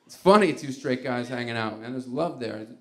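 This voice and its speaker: A man's voice: medium pitch, moderate pace, a little mellow. A man doing a stand-up comedy set, rambling and chuckling with many fillers.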